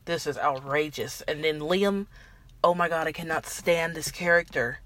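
A woman's voice: sits low, normal speed, fairly bright tone, no room sound. Indignant woman co-host, mocking quotes. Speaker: podcast co-host. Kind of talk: casual soap opera recap chat.

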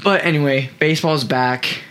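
A man's voice: on the high side, fairly even intonation, normal speed, a bit bright. A young man hosting a casual sports podcast, enthusiastic and hyping up players he likes. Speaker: podcast host.

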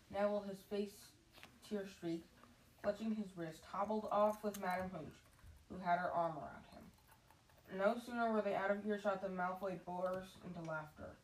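A woman reading a novel aloud in a lively, expressive way, often correcting herself, recorded at a distance in a roomy space. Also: mid-range voice, normal speed. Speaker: reader. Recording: roomy, distant mic, faint noise.

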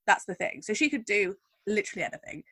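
A woman's voice: medium pitch, very animated, fast, bright, forceful tone, slightly rough, no room sound. A woman hosting a podcast, telling a story in a chatty, wry way with lots of asides. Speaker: podcast host. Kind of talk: casual chat.

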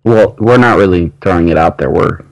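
Male podcast co-host, lower voice, wry questioner, dry close mic. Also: a little fast, creaky, dry recording, poor audio. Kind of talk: casual chat.

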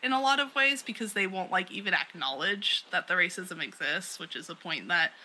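A woman's voice: lowish voice, lively intonation, fairly quick, pushed and bright, a little hiss or hum, low-quality recording. A woman co-hosting a podcast in casual chat, rambling and laughing often. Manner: chatty, rambling, with frequent "like" and laughs.

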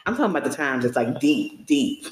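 A woman's voice: extremely low pitch, brisk, reverberant. A woman co-hosting a podcast in casual chat, playful and joking as she tells stories. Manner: playful, joking, animated storytelling. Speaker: podcast co-host.

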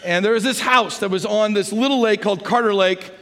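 A middle-aged pastor preaching from the stage with a notably high, light voice. He talks like he's chatting with his congregation, storytelling and then praying. The sound carries a long reverb from the big sanctuary. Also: fairly quick, a bit bright. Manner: conversational storytelling, sliding into prayer. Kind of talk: sermon. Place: large church sanctuary. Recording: reverberant church hall.

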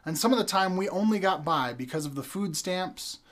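Younger guy giving a sermon, kinda higher voice, takes his time with pauses. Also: animated, fairly bright tone. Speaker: preacher.

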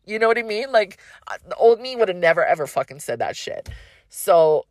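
A woman's voice: mid-range voice, sing-song, a little fast, dry recording, clean studio sound. A woman hosting a podcast, talking casually about astrology in a rambling, frank way, with a light Hawaiian accent and plenty of swearing. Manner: rambling, frank, swears freely, laughs often. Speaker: podcast host.

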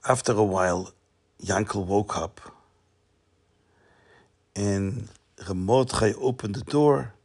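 A man with a low, gravelly voice tells a Hasidic tale. He keeps the story moving with animated delivery and leans on repeated phrases to build suspense. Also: slow, long pauses.

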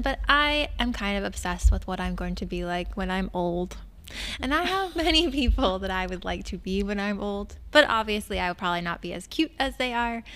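A young adult woman, a librarian and podcast host, chats enthusiastically about books with self-mocking humor. Her medium-pitched voice is clear, resonant and a bit bright.

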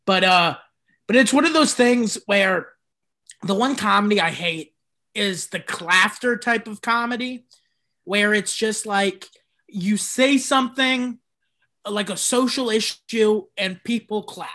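A male stand-up comedian telling heckler stories in casual chat, animated and swearing, often breaking into laughter. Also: high voice, slow pace.

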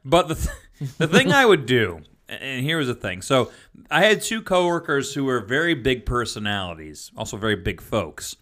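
A man's voice: mid-range voice, normal speed. A man co-hosting a podcast, telling a story in casual chat with laughter and mimicry. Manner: laughing, animated storyteller who mimics voices. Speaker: podcast co-host and former teacher.

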